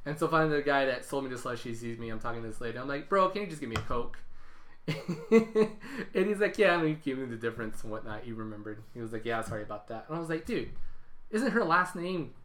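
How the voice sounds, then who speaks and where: A man's voice: medium pitch, fast talker, fairly bright tone. A young man, co-hosting a casual podcast and animatedly acting out the dialogue in his stories. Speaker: podcast co-host. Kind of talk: casual chat.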